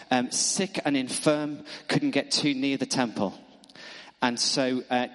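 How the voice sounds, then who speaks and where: A man's voice: mid-range voice, a bit bright. Northern English man preaching in a reverberant hall. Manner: halting, with many fillers. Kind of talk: sermon. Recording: long church hall reverb.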